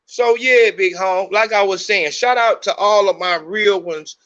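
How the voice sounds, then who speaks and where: A man's voice: high voice, a little slow, a bit bright, muffled recording. A middle-aged man hosting a podcast, talking in a heated, profane, rambling monologue. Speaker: podcast host. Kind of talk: unscripted monologue.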